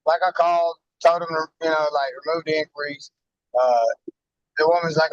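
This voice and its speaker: A man's voice: on the high side, steady tone, brisk, fairly bright tone, dry recording, lo-fi sound. A man in casual conversation, laid-back and a bit profane.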